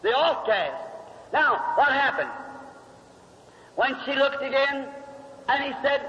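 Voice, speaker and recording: A man's voice: very high-pitched, expressive, slow, long pauses, pushed and bright. A male preacher telling a Bible story in a folksy way, with homespun grammar and questions to the crowd, on a muffled recording in a reverberant hall. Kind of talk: storytelling sermon.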